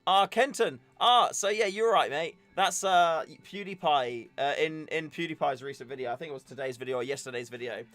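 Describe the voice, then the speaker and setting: A man's voice: a little high, fairly quick, few pauses, a bit bright, no room sound. A young man hosting a casual livestream, chatting and joking in a rambling way. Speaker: livestream host. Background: faint music.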